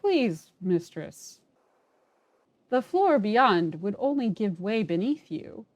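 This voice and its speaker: Woman doing Six, a stiff deadpan robot servant. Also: medium pitch, slow, no room sound, lo-fi sound, pitched above the performer's own voice. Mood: cautious. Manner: stiff, dutiful, cautious.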